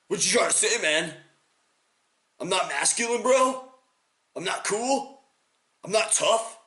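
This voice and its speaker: A man's voice: sits high, lively intonation, slow, pushed and bright, pitched above the performer's own voice, full character voice. A man voicing a defensive, macho young guy who blusters and acts indignant, in a roomy recording. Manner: indignant, bro-ish and blustering.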